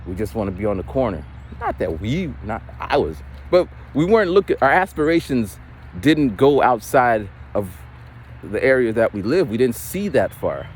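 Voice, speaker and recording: A man's voice: medium pitch, sing-song, normal speed, a little hiss or hum. Rambling man in his forties on a walk. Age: 40s. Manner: rambling, loose, swears casually. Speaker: vlogger. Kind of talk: casual walking monologue.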